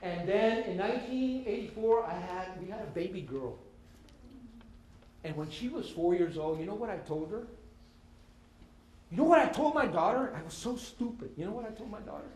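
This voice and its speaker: A man, giving a lively storytelling talk to students as a guest speaker and slipping in Spanish phrases. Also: high-pitched, moderate pace, pauses often. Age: 50s. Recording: echoey hall with faint ambience.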